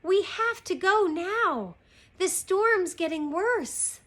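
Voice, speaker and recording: A woman's voice: sits high, sing-song, measured pace, bright, forceful tone, voice pushed up, heavily acted. A woman voicing eager young girl Annie. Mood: urgent. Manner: urgent, pleading.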